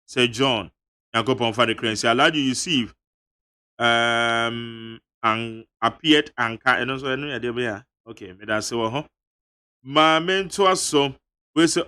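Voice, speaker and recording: A Ghanaian radio host reading listener messages aloud, with an emphatic, animated delivery that mixes reading with local-language asides. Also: male voice, mid-range voice, normal speed. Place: radio studio.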